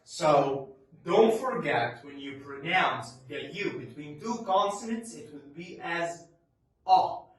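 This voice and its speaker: A man's voice: on the high side, a bit bright, heavy reverb, recorded from a distance, low-quality recording. A man with an Egyptian Arabic accent and Arabic as his first language, teaching English pronunciation. He stretches out his model words with emphasis, then asks and answers his own questions. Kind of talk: pronunciation lesson.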